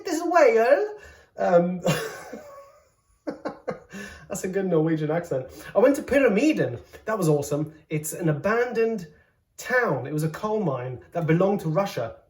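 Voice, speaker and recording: A man hosting a casual cooking vlog from his home kitchen, joking around and exclaiming loudly as he tastes. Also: fairly high pitch, very animated, fairly quick. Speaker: host, comedian cooking at home. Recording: roomy kitchen sound. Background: faint background music.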